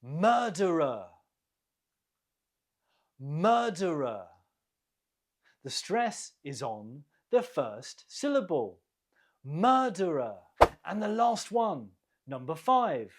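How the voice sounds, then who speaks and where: An English teacher hosting a quiz for learners, reading slowly and deliberately, repeating each word and explaining where the stress falls. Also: medium pitch, very animated, darkish tone, slightly rough.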